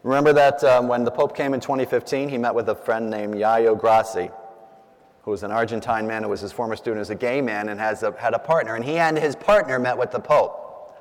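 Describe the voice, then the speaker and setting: A man's voice: mid-range voice, fairly quick, big-room sound. A man, a priest, giving a conversational talk to a group, telling stories with asides and frequent fillers. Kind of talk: conversational public talk with storytelling.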